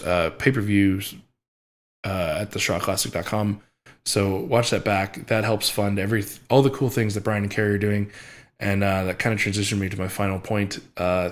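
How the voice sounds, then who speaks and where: A young adult strongman with a fairly low-pitched voice recaps his competition in an emotional vlog. Choked up and near tears, he speaks haltingly, with many fillers and restarts.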